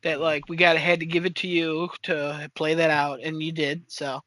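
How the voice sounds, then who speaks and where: A man co-hosting a casual chat podcast, animated, laughing often and mimicking people. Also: on the high side, moderate pace, no echo. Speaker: podcast co-host.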